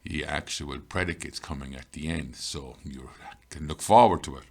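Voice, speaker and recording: Very deep-voiced male language teacher. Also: darkish tone, slightly rough. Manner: explains patiently, reads example sentences slowly. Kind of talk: classroom grammar lesson.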